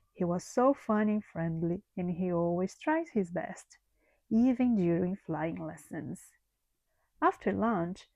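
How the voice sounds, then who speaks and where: A woman reading a children's story aloud in a slow, gentle storytelling manner. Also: medium pitch, no room sound, highs cut off.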